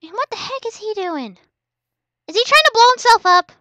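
A woman commentating her own game casually, excitable and playful, with yelps and teasing trash talk. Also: extremely high pitch, normal speed, dry recording. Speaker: gaming channel host.

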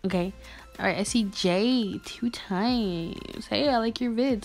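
A woman's voice: on the high side, a little slow, a little mellow. A young woman vlogger chatting casually and gushing as she reads fan messages aloud. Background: faint music.

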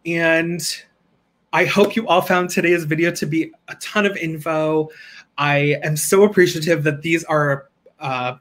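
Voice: medium pitch, steady tone, unhurried, fairly bright tone. Bubbly, chatty livestream host. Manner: bubbly, chatty, laughs often, pleads with viewers. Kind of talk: casual livestream chat.

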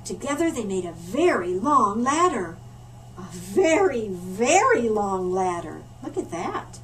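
A woman storyteller reading a picture book aloud to children in a library, animated and stopping for asides to her listeners. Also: medium pitch, a little slow, a crowd in the background. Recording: distant mic with faint room noise.

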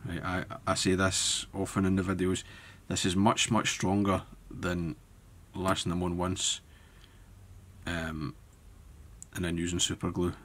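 A man demonstrating fly tying step by step, talking in a relaxed way as he works with his hands. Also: sits low, unhurried. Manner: relaxed, thinking aloud while working with hands. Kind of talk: step-by-step tutorial narration.

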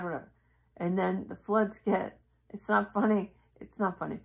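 A woman in casual, earnest storytelling, halting and acting out the voices of the people in her story. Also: medium pitch, steady tone, vocal fry. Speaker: yoga teacher.

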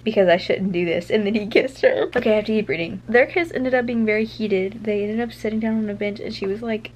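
A young woman talking casually in a reading vlog, retelling the story in an excitable, gushing way with lots of "like" and "oh my gosh". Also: medium pitch, slight background noise, poor audio. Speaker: book vlogger.

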